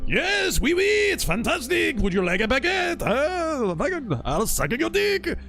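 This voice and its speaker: Streamer doing a loud, high, gushing French billionaire bit. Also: male voice, animated, unhurried, soft background music. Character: excitable middle-aged French billionaire man.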